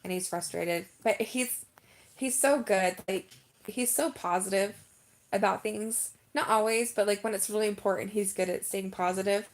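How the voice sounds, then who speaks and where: A woman chatting on a casual live stream, her voice carrying a gravelly fry at a middle pitch. She talks in a rambling, emphatic way, full of "like" and "um". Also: moderate pace. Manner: chatty and emphatic, heavy use of "like" and "um". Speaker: vlogger.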